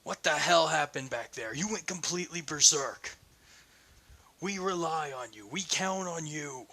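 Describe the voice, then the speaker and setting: A man's voice: a little high, expressive, unhurried, creaky, bright, forceful tone, pitched above the performer's own voice, exaggerated voice. A man voicing an angry, loyal male friend who scolds in an exasperated way. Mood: scolding.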